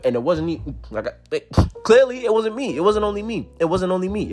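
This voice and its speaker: A young man, telling a casual personal story in slangy, profane speech with big swings in pitch. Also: big pitch swings, moderate pace, darkish tone, soft background music.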